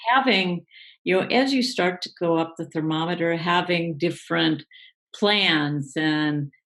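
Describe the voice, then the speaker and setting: A woman with a lowish, gravelly voice talks through ideas as a guest in a live online interview. She explains in a relaxed, unhurried way, leaning on fillers as she goes. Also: poor audio. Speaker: guest coach.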